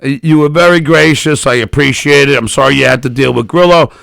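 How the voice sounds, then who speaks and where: A middle-aged man, a comedian guest, ranting with loud, profane sarcasm that swings between shouting and mumbling. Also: medium pitch, fairly quick, creaky, dry recording, studio quality. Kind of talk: profane political rant and casual chat.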